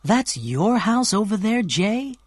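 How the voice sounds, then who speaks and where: An excitable, tender young woman who gushes breathlessly, voiced by a man who lifts his pitch for her. The sound is dry and close, like a storybook reading for learners. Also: measured pace, no room sound. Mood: excited.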